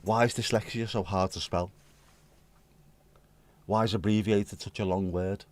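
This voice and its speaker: A British man from the United Kingdom hosts a livestream, taking his time as he chats casually with live chat readers. His low, darkish voice stays fairly even while he cheekily rambles through messages with jokes and swearing.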